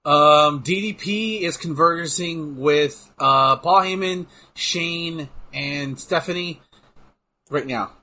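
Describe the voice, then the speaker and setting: A man co-hosting a casual chat while watching wrestling, excitable, swearing and trailing off into fillers. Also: on the high side, slow pace. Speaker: podcast co-host.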